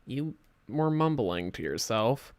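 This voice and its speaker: A man streaming a game who chats casually and reads the on-screen dialogue in goofy, playful voices. His pitch swings widely, and the room sounds dry. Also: slow pace, dry recording. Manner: animated, goofy, switches voices.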